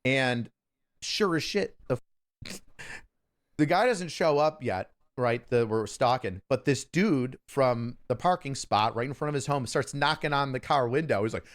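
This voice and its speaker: A man in casual conversation telling a story with animated delivery. He drops into quick voices for the people he quotes, then goes back to his plain, mid-pitched storytelling voice. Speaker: guest storyteller.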